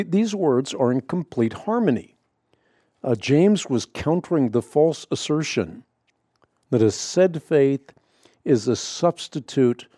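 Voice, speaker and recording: A man hosting a radio Bible program, explaining scripture in a measured, emphatic way with frequent fillers and restarts. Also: mid-range voice, warm tone, dry recording, clean studio sound. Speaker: radio show host answering Bible questions. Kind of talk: radio teaching monologue.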